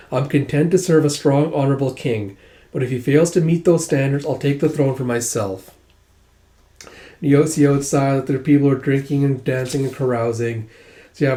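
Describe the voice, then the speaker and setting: A man's voice: medium pitch, dark tone. A man reading through a manga casually, summing up scenes and reading the characters' dialogue with "he's like.". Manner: paraphrases scenes and reads dialogue aloud with "it's like". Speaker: manga reader and reviewer.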